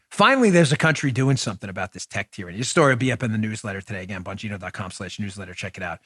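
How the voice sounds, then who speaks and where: A man hosting a political talk show, delivering an emphatic monologue that jumps from loud exclamations to low asides. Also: dry recording, studio quality. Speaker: podcast host.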